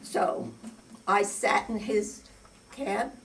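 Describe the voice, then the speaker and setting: A woman's voice: medium pitch, very slow, gravelly. An older woman performing a comic stage monologue as a cranky, easily enraged bag lady who rambles indignantly with sudden outbursts. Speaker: amateur stage actor. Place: community stage before an audience. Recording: distant stage recording.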